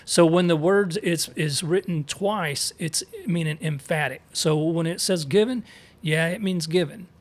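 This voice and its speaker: A man leads a relaxed scripture discussion, reading passages aloud and pausing to sound out Hebrew terms. His voice sits somewhat high for a man, and he keeps it conversational with frequent asides. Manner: reads verses aloud, sounds out Hebrew words, explains with asides. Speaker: co-host teaching scripture. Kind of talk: casual Bible study discussion.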